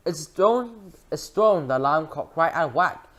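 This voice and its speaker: A reader voicing a shrewd elderly grandmother who speaks quietly and steadily. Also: mid-range voice, animated, a little slow, voice pushed up. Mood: calm. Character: calm, shrewd old grandmother.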